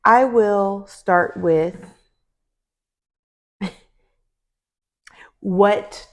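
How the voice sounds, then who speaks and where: A woman co-hosting a podcast in casual chat, telling stories in an animated, playful way. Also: mid-range voice, drawn-out words. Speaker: podcast co-host.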